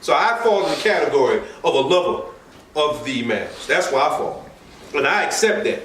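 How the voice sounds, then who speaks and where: Animated man preaching in an echoey hall. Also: fairly high pitch, a little fast, a little hiss or hum. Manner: animated, conversational preaching with asides and laughter. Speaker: religious teacher. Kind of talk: informal sermon class. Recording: echoey room from far off mic.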